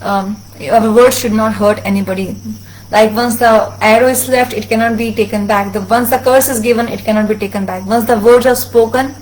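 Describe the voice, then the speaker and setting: A woman translating a religious discourse, telling a sacred story earnestly with frequent halting restarts. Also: a little high, fairly even intonation, a little mellow, poor audio. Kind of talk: sermon storytelling.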